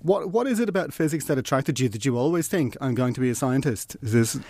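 A man's voice: medium pitch, expressive, quick pace, darkish tone. A man hosting a podcast interview, easygoing and prompting his guest with short questions. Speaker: podcast host. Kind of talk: conversational interview.

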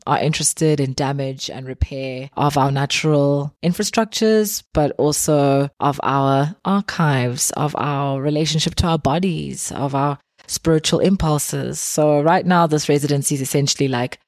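A woman from South Africa, a guest artist, answering interview questions in a thoughtful, measured way with pauses. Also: low voice, darkish tone, no room sound, clean studio sound.

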